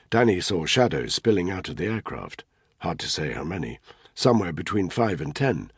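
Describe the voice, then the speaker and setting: A man giving measured, tense scripted narration of a military thriller audiobook. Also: low voice, husky, no echo, studio quality.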